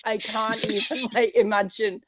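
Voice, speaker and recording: A woman's voice: mid-range voice, flat delivery, unhurried, a bit bright, no echo, studio quality. A woman with an English accent co-hosting a podcast in casual chat, chatty and laughing, with plenty of "like.". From England. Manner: chatty, says "like" a lot, laughs often. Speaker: podcast co-host.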